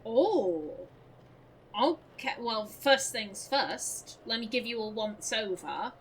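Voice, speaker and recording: A woman casually commenting on her own playthrough, thinking out loud and poking fun at herself. Her voice sits fairly high and swings animatedly up and down. A faint background hum runs under her talk. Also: expressive, slow pace. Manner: chatty, thinks aloud, self-mocking. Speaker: let's play gamer.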